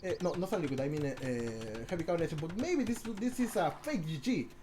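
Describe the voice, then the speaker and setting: A man streaming and commentating a strategy match live, with a lively, swinging voice. He talks straight to his chat, stumbles through restarts and repeats himself, and stays excitable. Faint noise sits under the voice. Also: a little high, fast. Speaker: streamer casting a strategy game.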